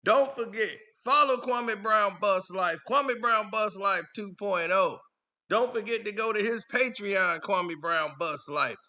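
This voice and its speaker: A man's voice: sits high, slow pace, sharp tone. A man hosting a reaction video, giving amused commentary and chuckling between remarks. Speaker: reaction channel host.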